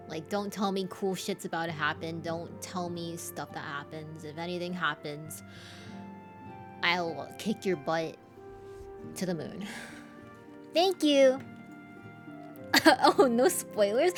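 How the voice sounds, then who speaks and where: A woman's voice: lowish voice, slow pace, long pauses, music in the background. Chatty, laughing woman streamer. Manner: chatty, laughs often, swears casually. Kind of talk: casual live-stream chat.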